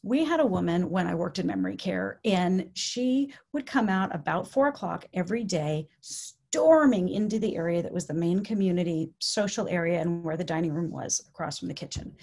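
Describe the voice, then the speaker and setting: A woman's voice: on the low side, normal speed, creaky, hardly any pauses. A woman giving an educational talk on dementia care in a casual way, often checking in with "okay?" and acting out quoted speech. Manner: acts out quoted speech in lively voices. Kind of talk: educational presentation.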